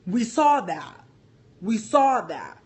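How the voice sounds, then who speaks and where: A man's voice: high voice, very animated, slow, husky. A man ranting casually on a phone livestream, profane and rambling, with lots of "like" fillers. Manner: profane, rambling, heavy use of "like". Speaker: vlogger.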